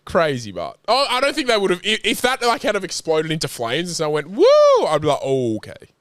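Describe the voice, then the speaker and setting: A man's voice: high voice, sing-song, fast, no echo, clean studio sound. A young Australian man co-hosting a podcast, joking, swearing and laughing a lot. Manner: laughs often, swears, reacts loudly. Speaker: podcast co-host. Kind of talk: casual chat.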